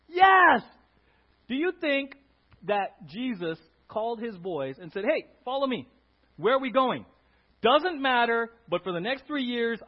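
A male pastor preaching a sermon in a church, playful and animated, swinging between quiet asides and loud bursts. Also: high voice, husky. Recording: dull lo-fi sermon audio.

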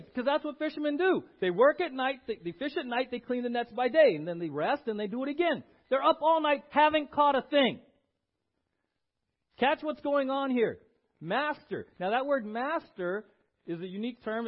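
A male pastor preaches with a high voice and big, swinging intonation. He is emphatic and asks the congregation questions. The church recording is dull and lo-fi. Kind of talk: sermon.

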